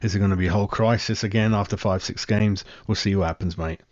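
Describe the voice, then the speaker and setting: A man hosting a live-stream football fan show, chatting in a rambling way, answering viewers' comments and calling everyone mate, often clearing his throat. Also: lowish voice, fairly even intonation, fast talker, a little mellow, no room sound, highs cut off. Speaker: football fan channel host.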